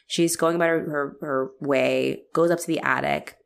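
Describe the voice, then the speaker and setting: Low-voiced woman chatting animatedly. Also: normal speed, creaky. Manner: animated, profane, acts out quoted characters. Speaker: podcast co-host. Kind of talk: casual chat.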